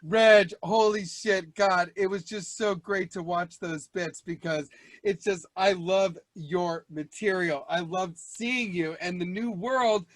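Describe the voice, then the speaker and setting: A man's voice: high voice, slow pace. A man hosting a comedy show over a video call, gushing enthusiastically about his guest. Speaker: show host.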